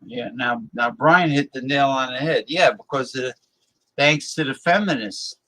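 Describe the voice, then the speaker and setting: A man's voice: medium pitch, normal speed, pushed and bright. A man hosting a live-stream talk show, ranting bluntly and scornfully as he reacts to his viewers' chat.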